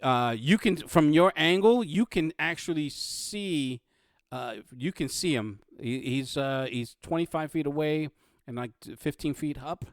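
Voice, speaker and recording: A man running a tabletop game as game master, narrating in a halting, playful way with many restarts. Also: a little high, dry recording, clean studio sound.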